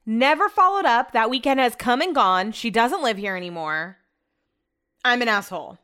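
A woman's voice: fairly high pitch, expressive, moderate pace, pushed and bright, clear, resonant tone. A young woman hosting her own podcast, telling rambling, self-deprecating stories in a casual chat. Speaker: podcast host. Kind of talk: casual solo podcast monologue.

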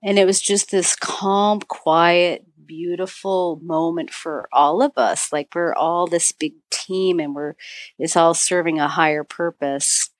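Speaking slowly in a lowish, fairly even voice with no echo, a middle-aged woman from northern Michigan tells a search-and-rescue story as a podcast guest. An author and avalanche dog handler, she acts out dialogue and often says "you know" in this storytelling interview.

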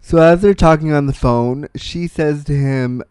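A man's voice: a little high, unhurried, hardly any pauses, darkish tone, clear, resonant tone, dry recording. A man in his thirties giving a candid, casual film review, blunt and profane, with self-deprecating asides.

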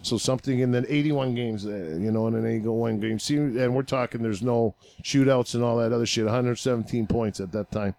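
A man, a former hockey player, who tells stories as a podcast guest in a loose, profane, animated way with frequent laughter. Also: mid-range voice, fairly quick, creaky, hardly any pauses, no echo. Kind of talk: casual storytelling chat.

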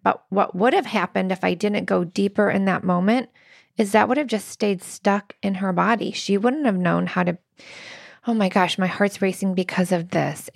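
A woman's voice: mid-range voice, gravelly, no room sound, studio quality. A woman in her thirties co-hosting a relationship podcast, telling stories in an earnest way with quoted dialogue. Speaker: podcast co-host. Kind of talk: casual relationship talk.

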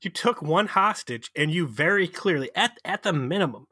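A young adult man co-hosting a podcast, casually recapping an episode with profane, animated storytelling. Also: sits high, normal speed, slightly rough, dry recording, studio quality. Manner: profane, animated storytelling with mocking quoted voices. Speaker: podcast co-host.

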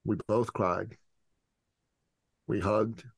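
A man in his forties from the Middle East, a podcast guest and business coach telling an animated, dramatic story. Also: on the low side, very slow, vocal fry, no echo. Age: 40s. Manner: dramatic, acts out scenes with voices.

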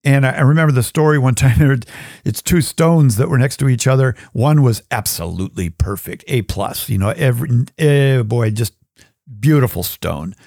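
A male Bible teacher delivers an animated scripture talk, his pitch swinging widely as he tells stories and acts out little scenes. The recording is close and dry, with no room sound around his voice. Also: normal speed, gravelly, dry recording.

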